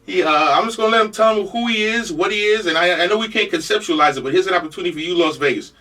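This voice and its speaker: A senior man hosting talk radio in a New York Jamaican accent, rattling along fast in a high, bright voice. He has a cold and rambles with jokes. The mic sits a bit away from him. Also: recorded from a distance. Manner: loose, joking, rambling. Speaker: radio host. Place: radio studio.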